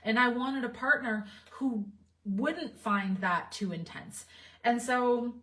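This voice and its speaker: A woman's voice: on the high side, takes it slowly, slight background noise. Heartfelt, reflective woman coach, slightly distant mic. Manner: heartfelt and reflective, with soft laughs and fillers. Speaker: relationship coach. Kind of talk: candid talk to camera.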